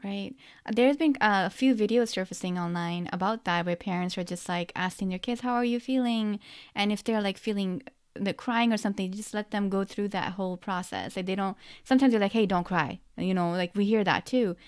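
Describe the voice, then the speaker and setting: A woman's voice: medium pitch, brisk, smooth. A woman hosting a casual podcast conversation, chatty and appreciative toward her guest. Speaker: podcast host.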